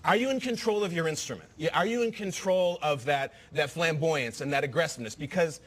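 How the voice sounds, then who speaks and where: A man hosting a morning sports talk show, animated and playful, tossing in quick asides. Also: on the high side.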